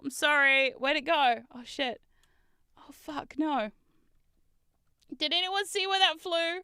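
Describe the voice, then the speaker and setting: A woman streaming from her desk in casual chat, giggly and chatty with loud squealing exclamations, on a close microphone. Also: sits high, steady tone, slow, long pauses, no room sound. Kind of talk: casual chat while building.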